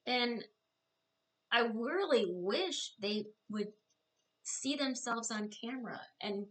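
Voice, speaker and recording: A woman's voice: a little high, expressive, slow pace. A woman co-hosting a casual political chat show, talking in a blunt, exasperated way and often restarting her sentences. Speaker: co-host.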